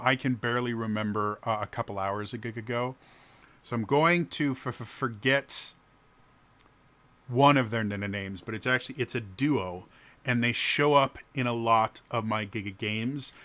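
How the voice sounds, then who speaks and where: A man's voice: medium pitch, sharp tone. A man who runs tabletop games, casually answering questions and talking with a heavy stutter. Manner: heavy stutter, repeated sounds. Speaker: game master.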